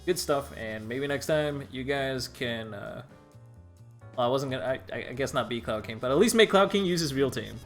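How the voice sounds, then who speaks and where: A man co-commentating and running a fighting game tournament stream, easygoing and measured. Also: medium pitch, animated, soft background music. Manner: easygoing, measured, adds analysis. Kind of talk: casual esports commentary.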